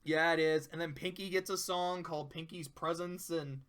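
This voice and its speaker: A man talking casually as he reviews cartoon episodes, excited, swearing a lot and breaking into laughter. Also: on the high side, normal speed. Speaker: video reviewer. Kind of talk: casual commentary.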